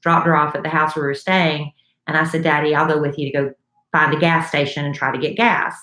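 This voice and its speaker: A middle-aged woman co-hosting a radio show, telling a story in a chatty, lively way. Her voice sits low, and the recording has the ring of an echoey room. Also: quick pace. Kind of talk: casual chat.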